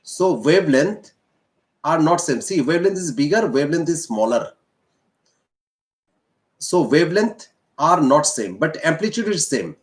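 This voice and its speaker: A male teacher with an Indian English accent, slowly explaining a physics lesson and repeating key points. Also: on the high side, expressive. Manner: slow, repetitive explaining. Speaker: science teacher.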